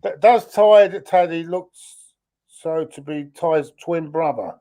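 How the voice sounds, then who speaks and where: A man's voice: fairly high pitch, slow, dark tone. A man co-hosting a football chat show, chatty and joking, trailing off into fillers. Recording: dull lo-fi audio.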